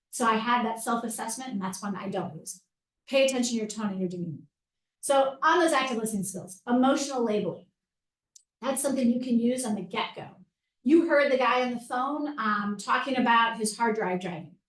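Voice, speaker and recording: A woman's voice: fairly high pitch, normal speed, recorded from a distance. A middle-aged woman, a crisis negotiator, giving a practical and direct training talk to an audience. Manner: practical and direct, addresses audience as "you guys". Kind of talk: instructive presentation talk. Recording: roomy echo, voice from off-mic.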